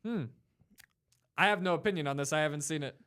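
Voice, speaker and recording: A young man hosting a casual podcast chat in a small room. He talks in an animated way and breaks into bits of singing and silly voices. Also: fairly high pitch, fast talker, clean tone. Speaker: podcast host.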